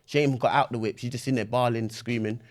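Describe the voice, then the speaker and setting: A young man telling a story in casual chat, full of slang, acting out voices with shouts and sound effects. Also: medium pitch, steady tone, very fast. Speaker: podcast guest.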